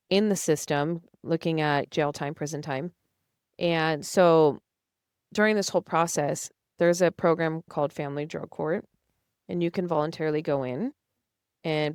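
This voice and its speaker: A woman's voice: sits low, clean tone, no room sound, clean studio sound. A young woman, a podcast guest, telling her personal story earnestly and emotionally, acting out past conversations. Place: studio.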